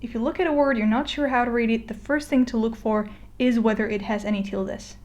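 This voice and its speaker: A woman giving a casual explainer lesson, chatty with fillers and restarts, slowing down to model words. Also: a little high, steady tone, a little mellow. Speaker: Spanish teacher. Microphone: voice-over on a screen recording.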